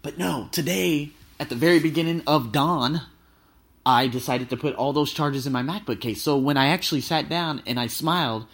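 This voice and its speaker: A thirty-year-old man, a travel vlogger, telling stories casually and excitably, swearing freely. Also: on the high side, normal speed. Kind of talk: casual storytelling.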